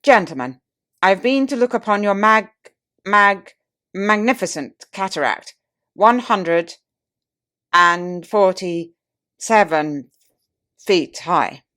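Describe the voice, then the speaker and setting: A woman reading aloud and voicing a tipsy, pompous male statesman who gives a grandiose speech, stumbling over words and stretching his pauses. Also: medium pitch, animated, a bit bright.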